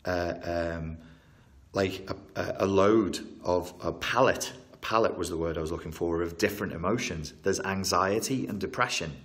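A low-voiced man talking through trauma as a therapist in an interview. He stacks emphatic repeated phrases and breaks off to reword himself mid-sentence. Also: moderate pace. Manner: animated, repetitive, emphatic, self-correcting. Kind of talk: interview explanation.

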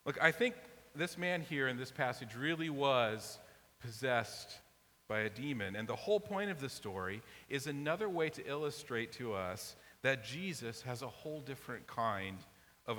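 A man's voice: medium pitch, expressive, a little slow, pushed and bright. A man preaching a sermon in an emphatic, conversational way. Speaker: pastor. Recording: long reverb, faint hiss.

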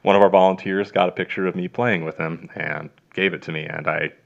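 A deep, gravelly male voice, a little fast and with fairly even intonation, belongs to a veterinarian telling long stories during a relaxed interview. He wanders with lots of fillers and acts out quotes, and the sound quality is dull and lo-fi.

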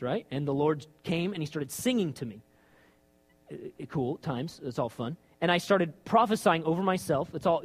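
Animated high-voiced male preacher. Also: slightly rough. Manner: animated, acts out his own and God's lines; conversational with rhetorical questions. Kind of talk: sermon.

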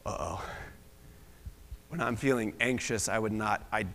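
A man's voice: on the low side, a little slow, fairly bright tone, slight background noise. A young man from Pennsylvania giving a casual, self-deprecating sermon with bits of humor as a guest preacher. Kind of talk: conversational sermon. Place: church sanctuary. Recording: long reverb of a large hall.

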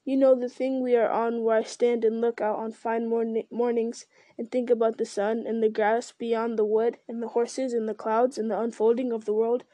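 An ancient, unhurried male tree giant from a storybook, pondering every word and humming to himself, read by a woman. The voice sits fairly high and mellow in a dry, close sound. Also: level tone, dry recording, lightly acted. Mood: musing. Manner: slow, deliberate, musing with hums. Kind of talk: reading a fantasy novel aloud.

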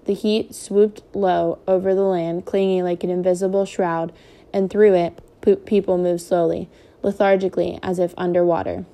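Calm woman reading a novel aloud. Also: fairly low pitch. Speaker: reader.

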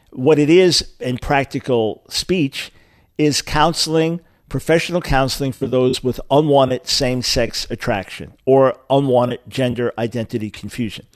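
A man's voice: mid-range voice, no room sound. A man hosting a call-in radio talk show, speaking emphatically and pushing his voice up to stress key points. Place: remote location.

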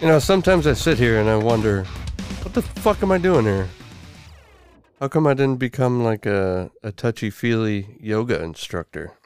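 A man's voice: medium pitch, animated, normal speed, a little mellow, soft background music. A man hosting a podcast, delivering a crude, irreverent comedic monologue full of swearing. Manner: profane, irreverent, joking. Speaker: podcast host.

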